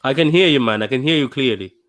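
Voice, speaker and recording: A young man hosting a fan livestream after a painful defeat, talking in a dejected, halting way with many repeats and restarts. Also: mid-range voice, fairly bright tone. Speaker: fan channel livestream host. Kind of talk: emotional post-match fan livestream.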